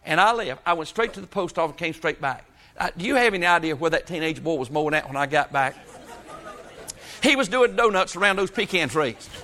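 Bright-voiced preacher man. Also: a little high, lively intonation, brisk, a faint crowd. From South Georgia, US. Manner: folksy storytelling with frequent amens. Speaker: pastor. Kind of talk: sermon.

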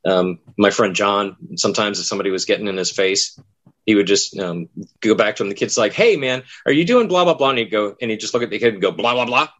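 A man's voice: fairly low pitch, fast talker, fairly bright tone, muffled recording. A man who works as a haunted attraction actor, telling stories in casual chat and acting out what people said. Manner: rambling storyteller, acts out quoted lines.

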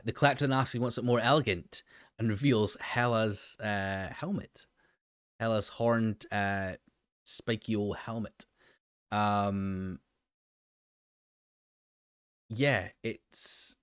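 A man's voice: on the low side, dry recording, studio quality. A man hosting a casual episode recap, rambling with many fillers and restarts. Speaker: show host recapping an episode. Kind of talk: casual commentary.

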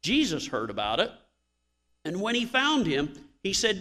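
A man's voice: fairly high pitch, very animated, normal speed, bright, forceful tone, long reverb tail. A male pastor preaching a sermon in a church, telling stories with emphatic swells of emphasis.

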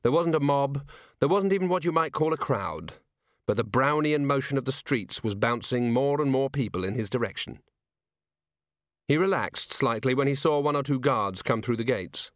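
A man narrating a comic fantasy novel in a measured, wry manner. His voice sits at a middle pitch, recorded close and dry with no room sound. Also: animated, no room sound. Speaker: audiobook narrator. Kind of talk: scripted narration.

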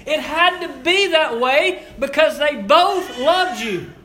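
A young man preaching a sermon, repeating his lines and swinging between hushed and raised delivery. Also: very high voice, expressive, slow pace, a little hiss or hum. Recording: echoey room with faint ambience.

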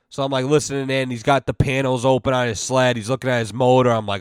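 A man from Massachusetts hosts a casual storytelling podcast, rambling along with constant fillers and a steady stream of curse words. His voice comes through smooth and clear, recorded dry and close with no room sound. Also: mid-range voice, a little fast, dry recording. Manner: rambling, profane, heavy use of fillers. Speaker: podcast host.

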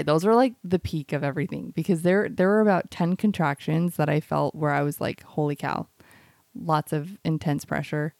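A woman on a podcast mic with a low, gravelly voice, telling a long story in a loose, rambling way. She leans on "like" every few words. The recording is dry and close, with no room sound. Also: darkish tone, dry recording. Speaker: podcast co-host. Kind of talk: casual podcast chat.

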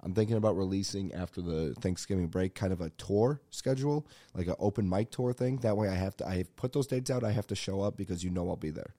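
A man's voice: low-pitched, quick pace, hardly any pauses, dark tone, no echo. Rambling, self-mocking male podcast host. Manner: rambling, self-deprecating, jokey. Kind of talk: casual solo podcast chat.

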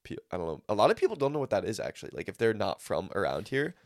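A man's voice: lowish voice, sing-song, very fast, a little mellow, dry recording, clean studio sound. A young man co-hosting a podcast in casual chat, laid-back and full of slang and swearing. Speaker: podcast co-host.

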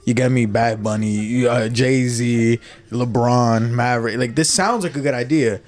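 Chill young dude from jersey hosting a podcast, laughs a lot, trails off. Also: male voice, medium pitch, fairly even intonation, measured pace. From New Jersey. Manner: laid-back, laughs often, trails off mid-sentence. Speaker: podcast host. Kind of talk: casual chat.

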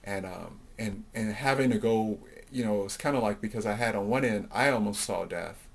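Low-voiced man telling his life story. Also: moderate pace, creaky. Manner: reflective storytelling, many fillers, acts out quoted voices. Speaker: interview guest. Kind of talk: personal life story in an interview.

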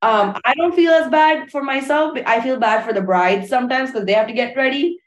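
A woman's voice: sits high, fairly quick, echoey room, highs cut off. A woman wedding planner chatting casually in an interview, with many fillers and restarts. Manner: relaxed, frequent fillers and restarts.

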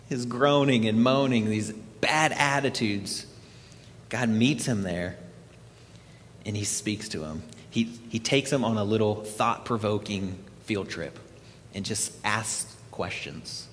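A man preaching a sermon, retelling a scripture story in an animated storytelling way. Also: fairly low pitch, big-room sound, a little hiss or hum. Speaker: pastor.

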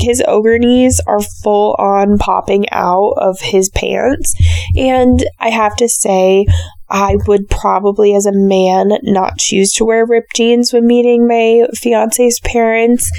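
Woman, hoarse and raspy, gravelly low-toned delivery, chatty and opinionated recap host, dry close sound. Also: takes it slowly, mellow, no room sound. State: hoarse, sore throat. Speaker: reality show recap host. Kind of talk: casual solo recap commentary.

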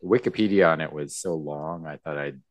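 A man co-hosting a podcast in a casual chat, relaxed and rambling, with many likes. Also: extremely low pitch, fairly quick, dry recording. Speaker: podcast co-host.

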